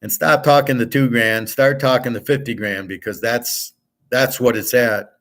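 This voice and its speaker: A man's voice: medium pitch, fairly even intonation, moderate pace, a bit bright. Profane fed-up man ranting. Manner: profane, fed-up, reads his own comments aloud. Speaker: sports betting and gold commentary host. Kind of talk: ranting casual monologue.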